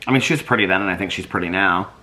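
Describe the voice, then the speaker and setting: Deep-voiced, chatty man vlogging. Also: very fast, bright, forceful tone. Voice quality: deep, soothing voice. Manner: chatty, rambling, thinks aloud while searching online. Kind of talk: casual chat reading viewer comments.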